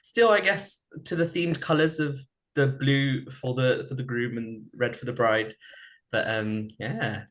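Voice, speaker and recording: Man, theatre guest, earnest, enthusiastic, mid-pitched. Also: steady tone, measured pace, fairly bright tone. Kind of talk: casual interview chat.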